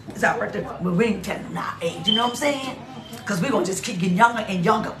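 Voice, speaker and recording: An exuberant woman pastor preaching in a bright, forceful voice that swings widely in pitch. She laughs often and keeps repeating her phrases. She is heard from off mic in an echoey hall. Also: animated, fairly quick, a little hiss or hum. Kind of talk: lively sermon.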